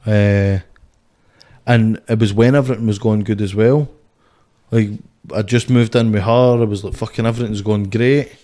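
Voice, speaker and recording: Young Scottish boxer, low voice, loose and sweary, rambling storyteller. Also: male voice, fairly even intonation, normal speed, mellow. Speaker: guest, boxer. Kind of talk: casual podcast chat.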